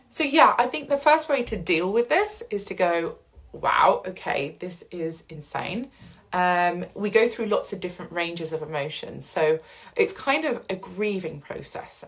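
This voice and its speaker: Woman, casual talk, earnest, reassuring, mid-pitched voice. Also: lively intonation, normal speed, poor audio. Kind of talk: casual talk to camera about coping with change.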